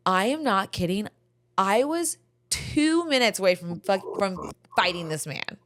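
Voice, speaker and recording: A middle-aged woman hosting a podcast, telling stories in casual chat, animated and frank, swearing freely. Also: mid-range voice, a little slow. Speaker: podcast host.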